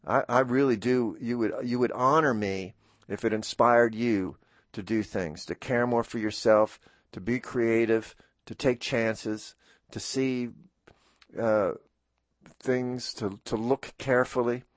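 A man's voice: mid-range voice, steady tone, slow, no room sound. A man hosting a radio show, talking in a rambling, heartfelt farewell monologue at a studio microphone. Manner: rambling, heartfelt, self-interrupting. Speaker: radio host.

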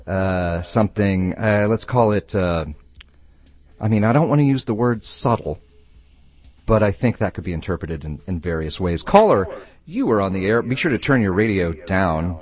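A man's voice: lowish voice, normal speed. A man hosting a late-night call-in radio show, joking with callers and laughing often. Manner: playful, laughs often, animated.

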